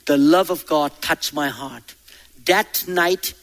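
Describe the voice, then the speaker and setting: A man's voice: on the high side, slow pace, a bit bright. A man from Thailand preaching a sermon in church, emphatic, with calls to the congregation. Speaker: pastor.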